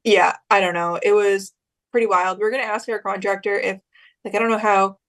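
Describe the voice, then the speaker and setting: Young woman podcast cohost rambling thru a story, mid pitch, does little voices for people. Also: flat delivery, a little fast, fairly bright tone. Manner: chatty storyteller, acts out quoted lines. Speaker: podcast co-host. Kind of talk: casual chat.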